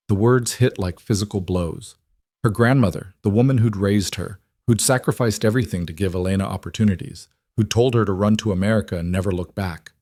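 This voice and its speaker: A man reading a story aloud in a measured, even way. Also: fairly low pitch, no echo, clean studio sound. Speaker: narrator. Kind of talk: scripted story narration.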